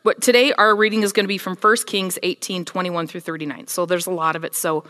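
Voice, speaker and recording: A woman's voice: fairly low pitch, fast. Woman preaching in a roomy hall. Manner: casual, storytelling, animated with voiced quotes. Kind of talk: sermon.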